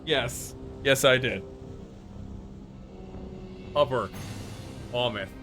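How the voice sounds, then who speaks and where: A man's voice: mid-range voice, very slow. A man streaming a video game live, chatting casually to himself and his viewers and swearing now and then. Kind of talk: casual live gameplay commentary. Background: game music.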